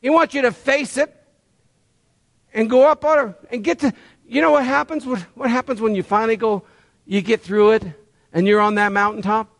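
A man's voice: very high-pitched, fairly even intonation, moderate pace, fairly bright tone. A man preaching a sermon, folksy and conversational, firing rhetorical questions at the congregation. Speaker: pastor.

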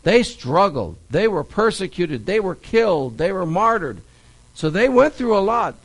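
Captured on a low-quality recording, a man whose voice sits high speaks a little slowly as he leads a church sermon and Bible study. His storytelling is highly animated, and he stresses important phrases by repeating them.

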